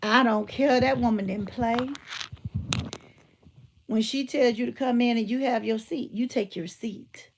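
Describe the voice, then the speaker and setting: A middle-aged woman, telling stories and giving emphatic, animated commentary. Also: fairly high pitch, measured pace, pauses often. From Georgia, US. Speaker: motivational speaker and teacher. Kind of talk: casual commentary with storytelling.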